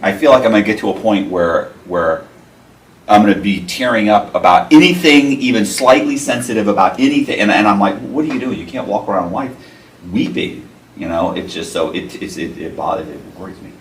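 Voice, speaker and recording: A man's voice: lowish voice, animated, a little fast. A man hosting an interview, chatting in a wry, self-deprecating way that often trails off into mumbles. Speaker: interview host. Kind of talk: casual interview chat. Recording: echoey room, mic at a distance, faint noise.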